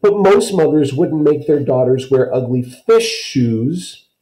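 A man voicing a stubborn, sulky little girl in a storybook reading, with loud, shrill outbursts. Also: lively intonation, slow pace, echoey room, poor audio. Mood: wailing.

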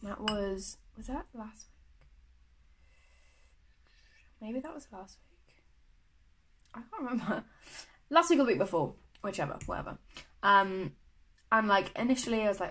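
A woman's voice: mid-range voice, animated, a little slow, pauses often, fairly bright tone, rough recording. A young woman from the UK chatting to camera in a vlog, gushing and full of fillers. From United Kingdom. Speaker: vlogger. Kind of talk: casual chat to camera.

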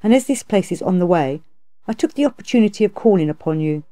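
A woman voicing a calm, compassionate female bodhisattva in a storybook reading, speaking in a measured, gracious way. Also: on the low side, lightly acted.

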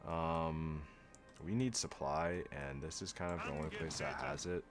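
A young man giving casual, sarcastic gameplay commentary as a video host, often laughing at himself and going deadpan when joking. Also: extremely low pitch, measured pace, music in the background. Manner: flat monotone when joking.

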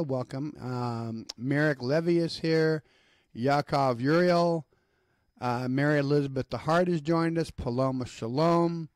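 A man's voice: fairly high pitch, dry recording. A man with a Southern US accent hosting a live online book reading, chatty and upbeat, greeting viewers by name. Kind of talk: casual live-stream talk.

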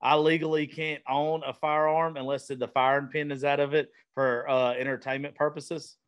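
A man's voice: on the high side, level tone, moderate pace. Blunt, profane Southern man hosting. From Southern United States. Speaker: podcast host. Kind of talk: casual chat. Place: vintage-themed studio.

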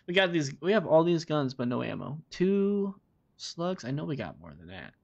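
A man's voice: fairly high pitch, very animated, normal speed, vocal fry, a little mellow. A man streaming a game, rambling to himself and his viewers with plenty of swearing. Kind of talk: casual gameplay commentary. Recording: dull lo-fi recording.

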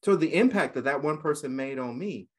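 A man's voice: a little high, fast talker, slightly rough. Middle-aged american guy telling stories on a podcast, laughs a lot, acts out voices. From United States. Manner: lively, laughs often, acts out quotes. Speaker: guest counselor educator. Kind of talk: casual podcast storytelling.

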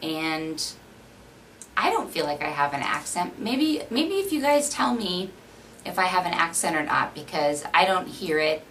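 Low-voiced woman vlogger with a Minnesota accent, rambling casual chat, faint background hiss. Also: sing-song, a little slow, a bit bright, distant mic, low-quality recording. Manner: chatty, rambling, many fillers. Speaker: beauty vlogger.

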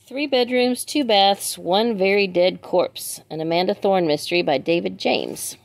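Speaking at a measured pace in a creaky, mid-range voice, a book vlogger chats casually through an unboxing. She reads out the book titles and, in conversational asides, asks viewers to help her pronounce them.

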